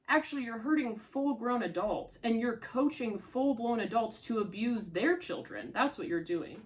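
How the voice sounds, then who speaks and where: A furious woman delivers a vlog rant at a slow, deliberate pace, her voice a little higher than most. She swears freely and talks straight at the person she is angry with. Her voice sounds strained, as if she can barely get the words out. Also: expressive. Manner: furious, swearing, addressing someone directly. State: upset, voice strained. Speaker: content creator.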